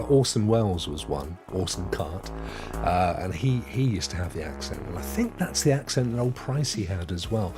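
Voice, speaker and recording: A man's voice: lowish voice, a little mellow. A middle-aged man hosting a live stream, chatting and greeting viewers by name. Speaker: host. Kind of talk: live-stream chat reading viewer comments.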